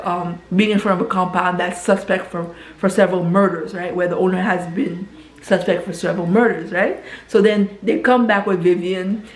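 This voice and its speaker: Woman in a roomy, echoey room, retelling a story. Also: medium pitch. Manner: tags nearly every sentence with "right?"; stumbles and repeats words as she rushes on. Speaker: vlogger retelling a film plot. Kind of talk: casual spoken retelling. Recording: roomy echo.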